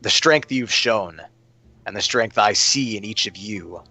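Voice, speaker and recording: A man voicing a solemn, formal king of a small realm, speaking slowly and gravely over faint music. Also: fairly low pitch, pushed and bright, dry recording. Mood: grateful. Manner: formal, grave, measured speech.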